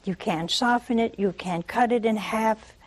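In a fairly high, unhurried voice, an older woman preaches through a Bible story, bringing it alive with rhetorical questions and acted-out exchanges.

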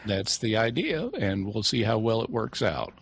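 Measured low-voiced man explaining. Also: lively intonation, slightly rough, no echo. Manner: measured, precise, dry wit. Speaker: show regular answering questions. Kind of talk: explanatory talk.

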